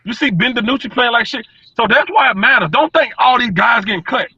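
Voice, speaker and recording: Blunt, husky man on a dull call. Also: extremely high pitch, animated, a little fast, pushed and bright, no echo. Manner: blunt, profane, stumbling repeats. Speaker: sports podcast panelist. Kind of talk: casual sports talk. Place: sitting in his truck.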